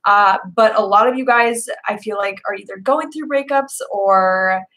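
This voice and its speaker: A woman's voice: mid-range voice, moderate pace, fairly bright tone, rough recording. A young woman hosting a live video Q&A from home, chatting casually and rambling with lots of fillers. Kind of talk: casual live-stream chat. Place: indoors at home, Seattle.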